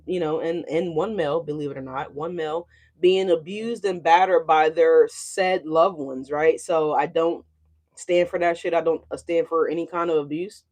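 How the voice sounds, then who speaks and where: A tarot reader talks to a livestream audience in a blunt, profane rant. The voice sits at a middle pitch, and the loudness swings as the story heats up and cools down. The reader keeps asking listeners whether they follow. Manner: blunt and profane, with frequent "you know what I'm saying". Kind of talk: casual livestream chat.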